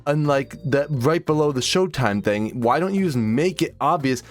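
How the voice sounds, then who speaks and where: A man's voice: medium pitch, lively intonation, normal speed, soft background music. A young man ranting as a film commentator, exasperated, sarcastic and often profane.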